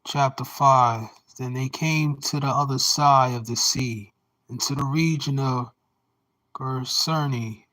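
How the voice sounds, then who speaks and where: A man's voice: medium pitch, fairly even intonation, sharp tone, poor audio. A man reading scripture aloud, phrase by phrase, now and then correcting himself mid-word. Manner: deliberate phrase-by-phrase reading with occasional self-corrections. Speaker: scripture reader.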